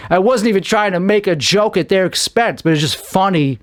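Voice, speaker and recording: A man's voice: high voice, expressive, brisk, no echo. A man hosting his own podcast, rambling jokily through a solo monologue and acting out lines in put-on voices. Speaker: podcast host.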